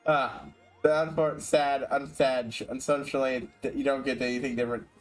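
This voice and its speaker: A man's voice: mid-range voice, steady tone, brisk, faint music behind. A man streaming a video game, chatting casually, often swearing and stumbling over his words. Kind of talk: casual gaming commentary.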